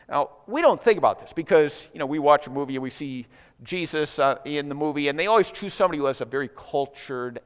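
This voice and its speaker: Casting: male pastor, fairly high voice with a lively, swooping delivery, casual asides, reverberant sanctuary sound. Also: clear, resonant tone. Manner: conversational, animated preaching with asides. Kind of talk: sermon.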